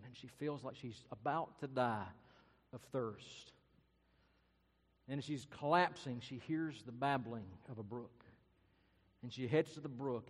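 A man's voice: medium pitch, in a large hall. A man preaching a sermon and telling a story earnestly and dramatically. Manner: earnest, dramatic, varies loudness and pace. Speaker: pastor.

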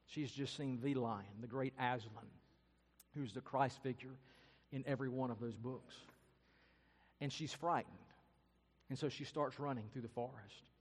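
Preaching in a large hall, a male pastor tells a story with earnest drama, shifting his loudness and pace. His voice is mid-range and steady in tone, at a normal speed.

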